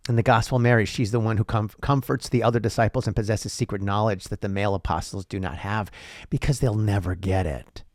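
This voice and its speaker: A man's voice: on the low side, fairly even intonation, quick pace, a little mellow, no echo, studio quality. A man hosting a solo podcast monologue, rambling with profane, sarcastic asides and frequent restarts. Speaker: podcast host.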